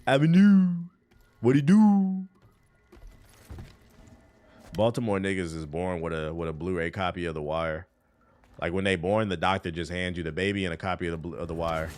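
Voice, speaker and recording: Speaking fast in a low voice with fairly even intonation, a man with a Washington, D.C. accent streams himself gaming. He talks casually, throwing around profane slang and answering chat while he plays.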